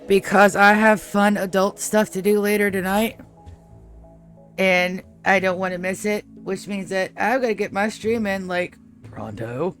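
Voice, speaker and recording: A woman streams first thing in the morning, her voice still groggy from sleep. She rambles loosely, swears freely and breaks off to talk to her cat, at an ordinary middle pitch. Faint music plays quietly behind her at the desk mic. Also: a little slow. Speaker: game streamer. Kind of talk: casual live-stream chat.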